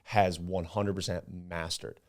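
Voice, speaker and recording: A young man from Upstate New York, a podcast guest, chatting casually and acting out his stories with animated quotes and some swearing. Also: low voice, unhurried. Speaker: podcast guest, club founder.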